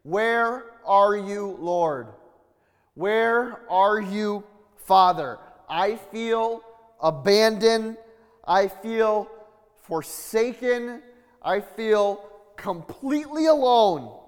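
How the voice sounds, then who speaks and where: A man's voice: high-pitched, lively intonation, drawn-out words, clean tone, pitched above the performer's own voice, heavily acted. A preacher voicing an anguished, forsaken man crying out. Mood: anguished pleading. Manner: pleading, raised and strained. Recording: long reverb of a large hall.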